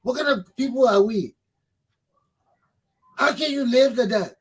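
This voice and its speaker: A man's voice: extremely high pitch, measured pace, husky, low-quality recording. A man, hosting a talk show, delivering a fervent political monologue that preaches, repeats points for emphasis and swears. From Liberia.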